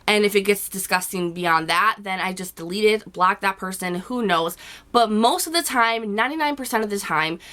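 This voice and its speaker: A woman talks straight to her viewers in a casual advice vlog. Her voice sits at a middling pitch but sounds rough and hoarse from a lingering cold. She is blunt and chatty, fills her talk with "you know" and swears now and then. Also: moderate pace, a bit bright. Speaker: YouTube vlogger. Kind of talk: casual advice chat to camera.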